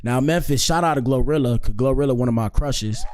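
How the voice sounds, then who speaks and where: A man's voice: mid-range voice, brisk, noisy background. Laid-back slangy male streamer. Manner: laid-back, slangy, keeps saying "bro" and "dog". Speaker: streamer hosting a commentary show. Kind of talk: casual live-stream commentary.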